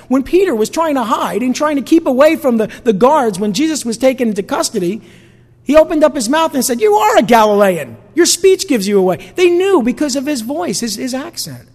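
Pastor, male, New York-New Jersey accent; chatty sermon full of rhetorical questions, animated delivery, long hall reverb. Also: extremely high pitch. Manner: conversational preaching with rhetorical questions to the congregation.

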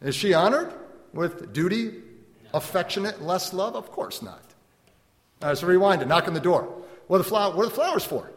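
A man preaching a sermon as a pastor, animated, acting out little dialogues and laughing often. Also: high-pitched, normal speed, pauses often. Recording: long hall reverb.

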